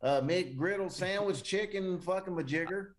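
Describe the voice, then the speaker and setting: A man's voice: sits high, measured pace. Wisecracking man co-host. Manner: joking, profane, calls people bro. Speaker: podcast co-host. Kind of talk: casual chat.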